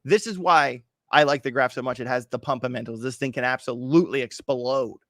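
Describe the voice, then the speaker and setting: A man's voice: mid-range voice, a little fast, a bit bright. A man hosting a casual crypto trading livestream, walking viewers through charts in a chatty, hyped, joking way. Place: home, in Miami.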